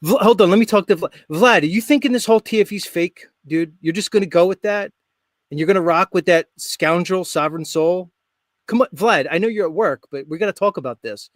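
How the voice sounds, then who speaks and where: A man's voice: high voice, a little fast, no echo, clean studio sound. A man hosting a live stream show, talking in a brash, joking, rambling way. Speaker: host. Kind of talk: casual live stream chat.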